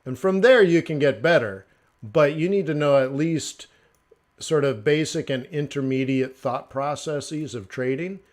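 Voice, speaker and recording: A man hosting a casual forex trading live stream, talking through charts in a joking, animated way. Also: fairly high pitch, unhurried. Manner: chatty, joking, animated asides with mock voices.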